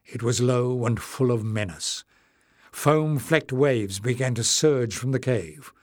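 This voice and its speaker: A man narrating an audiobook in a measured, steady way. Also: medium pitch, dry recording, studio quality. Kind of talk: scripted narration.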